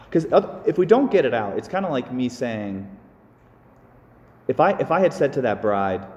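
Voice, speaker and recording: A priest giving a casual, animated homily to his congregation, with sighs and small asides. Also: medium pitch, unhurried, pauses often, in a large hall. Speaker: Catholic priest. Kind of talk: conversational homily.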